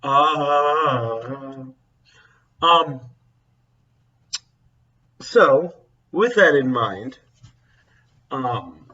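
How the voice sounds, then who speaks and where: Man, teacher, casual vlog chat, rambling, bright tone, dull lo-fi recording. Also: mid-range voice, expressive, very slow, long pauses, distant mic. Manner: rambling, self-interrupting, chuckling.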